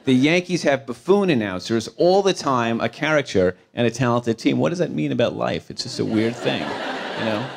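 A man's voice: medium pitch, animated, normal speed, gravelly, noisy background. A man interviewing a guest onstage, asking questions in a conversational, wry way.

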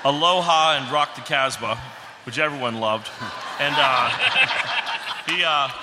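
A man's voice: a little high, lively intonation, slow pace, very noisy. A man guesting on a live panel, answering with dry sarcasm. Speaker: guest actor. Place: theater stage before a live audience. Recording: long theater reverb.

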